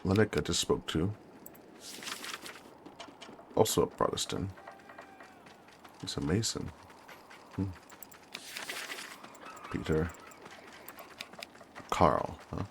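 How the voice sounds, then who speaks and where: Deep, gravelly man reading a game. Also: a little hiss or hum. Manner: slow, deliberate reading, apologetic chatty asides. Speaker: gamer. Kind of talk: reading a story game aloud with asides.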